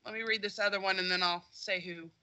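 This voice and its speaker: A woman co-hosting a podcast, chatty and giggly, her voice a little hoarse. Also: medium pitch, steady tone, quick pace, bright, forceful tone, rough recording. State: losing her voice. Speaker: podcast co-host. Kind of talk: casual podcast chat.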